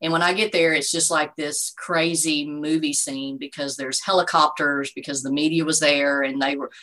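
A woman's voice: low-pitched, steady tone, normal speed, pushed and bright, poor audio. A woman in her forties giving an earnest, faith-filled personal testimony as an interview guest, telling her story with frequent "you know". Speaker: guest, bereaved mother.

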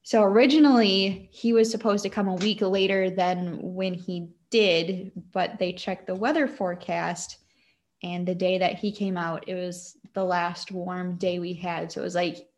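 A woman's voice: on the low side, steady tone, moderate pace, a little mellow. A young woman with a Wisconsin accent tells a story in an easy, chatty way. She leans on fillers and giggles often as she talks. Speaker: guest. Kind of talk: casual storytelling.

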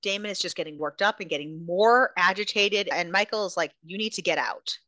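A woman's voice: fairly low pitch, brisk, bright, forceful tone, dry recording. A woman hosting a podcast, casually recapping a novel's plot, swearing freely and retelling scenes. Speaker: podcast host. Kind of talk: casual book recap chat.

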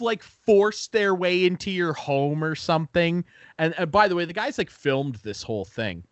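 On his podcast, a man with a voice on the high side chats through a story at a moderate pace, swearing freely and acting out the characters. No echo is present.

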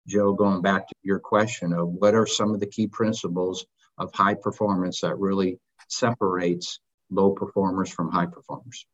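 Earnest man, slightly low, lo-fi sound. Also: little pitch movement, normal speed. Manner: earnest, emphatic, questioning. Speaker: guest. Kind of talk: casual interview talk. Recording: dull lo-fi audio.

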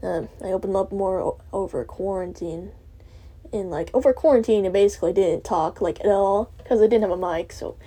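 A woman's voice: medium pitch, fairly quick, warm tone, husky. A teenage girl rambling through a monologue with lots of filler words and swearing, putting herself down as she talks. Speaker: student vlogger.

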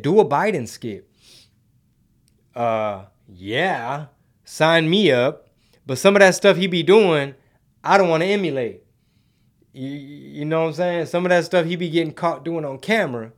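Dude hosting a stream, slangy and rambly, kinda high voice. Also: male voice. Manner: laid-back slangy rambling, mixes in Spanish. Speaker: podcast host reading live chat. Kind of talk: casual livestream chat.

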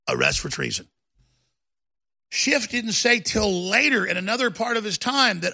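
A man hosting a talk show, delivering a combative political rant that builds into shouting. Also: high voice, huge pitch swings, normal speed, gravelly, long pauses.

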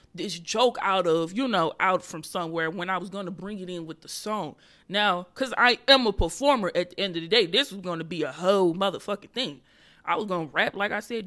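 Woman, young adult, podcast host, comedian, bright tone, casual profane storytelling. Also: mid-range voice. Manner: animated, profane, confessional.

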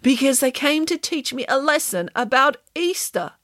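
A woman voicing a boastful, excitable nanny who loves chocolate, making grand theatrical announcements. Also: sits high, normal speed, dry recording, clean studio sound, voice pushed up. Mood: proud.

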